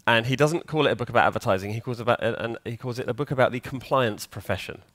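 A man's voice: medium pitch, fast, a bit bright, no room sound. A man giving a conference talk in a conversational way, often putting questions to the audience. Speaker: conference speaker. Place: conference hall.

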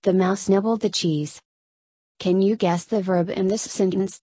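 Mellow, slow-reading woman teacher. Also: mid-range voice, fairly even intonation, slightly rough, no room sound. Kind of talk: scripted lesson narration.

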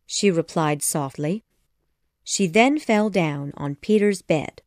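Slow, expressive woman narrating. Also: on the low side, no room sound, clean studio sound. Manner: measured, expressive storytelling. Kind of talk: audiobook narration.

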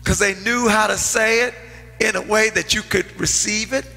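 High, gravelly preacher in a reverberant hall. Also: male voice, fairly even intonation, normal speed. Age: middle-aged. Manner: storytelling preacher, swings from loud to hushed. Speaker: pastor. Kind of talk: sermon. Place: church sanctuary. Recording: long hall reverb, faint music.

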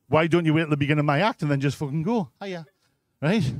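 Man, Geordie accent, stand-up comic, crude storytelling, high voice, dry close sound. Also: expressive, fast talker, dry recording. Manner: brash, crude storytelling with constant "right?" asides to the crowd. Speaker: stand-up comedian. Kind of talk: live stand-up set. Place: comedy club stage.

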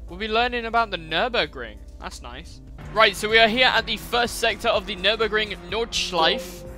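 A gaming channel host with a high, expressive voice comments at normal speed on his racing game playthrough. He's chatty, with dry, sarcastic asides, while loud game music and car engine sounds play behind him.

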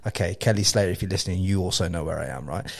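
A man from England with an English accent, hosting a casual chat and telling an animated, laugh-filled story with lots of swearing and restarts. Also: low voice, very fast, vocal fry, slightly rough. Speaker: podcast host.

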